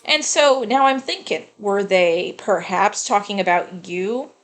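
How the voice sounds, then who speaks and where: A woman's voice: mid-range voice, expressive, a little slow, natural voice. A woman reading aloud the lines of an angry, vengeful male gang member from a video game, cursing in a heated way. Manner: reads game dialogue aloud plainly, heated curses.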